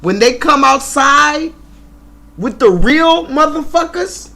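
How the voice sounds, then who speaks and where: High-voiced man ranting slowly. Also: animated, gravelly, pushed and bright. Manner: laughs often, repeats himself, swears heavily. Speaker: live stream host. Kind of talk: profane ranting commentary.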